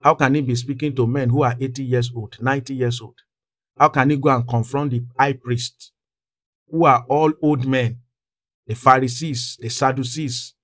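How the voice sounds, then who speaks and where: A man preaching a fervent sermon, reading scripture in King James wording and building to a louder, higher pitch. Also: fairly even intonation, normal speed, dry recording, studio quality.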